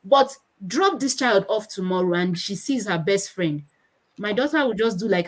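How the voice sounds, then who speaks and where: A Nigerian-accented woman in her thirties gives a conference talk on children's speech, acting out her kids' voices in animated anecdotes. She speaks in a mid-range voice at a moderate pace, and the recording is low quality.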